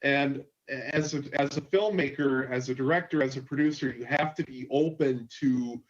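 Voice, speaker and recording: A man hosting a convention panel, telling an on-set story with quoted dialogue. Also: mid-range voice. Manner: animated anecdote, quotes others. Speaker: panel host, filmmaker. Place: convention stage. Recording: dull lo-fi panel recording.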